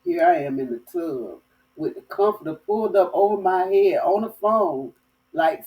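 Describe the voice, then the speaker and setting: A woman from Florida telling a lively story as host of a dating advice talk, with folksy phrasing. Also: mid-range voice, normal speed, recorded from a distance, poor audio. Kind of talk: casual storytelling monologue.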